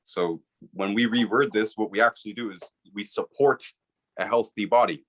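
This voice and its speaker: A man with a fairly low voice speaks as an interview guest. He explains in an earnest, persuasive way and keeps checking in with the listener. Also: normal speed, fairly bright tone. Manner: earnest, persuasive, repeats "right?". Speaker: author and guest.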